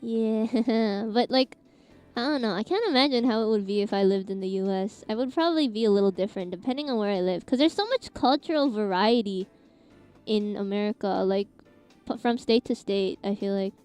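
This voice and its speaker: A woman's voice: mid-range voice, fairly quick, darkish tone, clear, resonant tone, soft background music. A young woman from Canada chatting casually with her live-stream chat, giggling often and reacting to messages.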